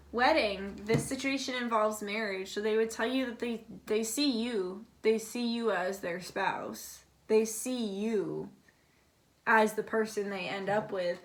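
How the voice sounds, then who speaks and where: A young woman giving a casual tarot reading, relaying messages in a chatty, confiding way and swearing now and then. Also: medium pitch. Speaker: tarot reader.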